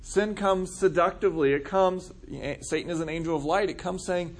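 A man's voice: high voice, moderate pace, hardly any pauses. A man preaching a conversational sermon, asking the congregation questions and answering them. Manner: casual, asks the room questions. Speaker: pastor.

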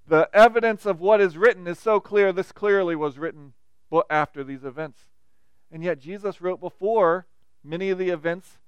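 A man preaching a sermon as pastor, animated and acting out the reactions of the people he quotes. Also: sits high, clean tone, no echo.

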